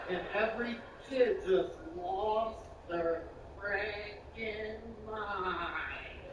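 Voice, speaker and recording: A man telling a stand-up story with lots of energy. He swings from hushed asides to loud bursts and uses slang and swearing. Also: high-pitched, drawn-out words. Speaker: stand-up comedian. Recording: roomy, distant, muffled, with clear background noise.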